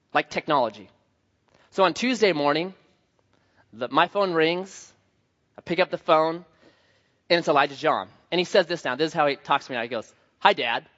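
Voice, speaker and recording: A man preaching a sermon, opening with a scripture reading and a prayer, then telling a lively story about his young son and acting out the child's voice. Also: in a large hall, muffled recording. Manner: animated storyteller, acts out a child's high voice in quotes. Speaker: pastor.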